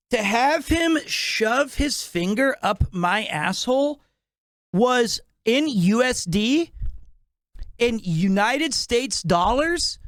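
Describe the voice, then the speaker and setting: A man's voice: very high-pitched, fairly bright tone, dry recording, studio quality. A man telling a comedic anecdote, acting out his own reactions with laughter. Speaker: podcast guest storyteller.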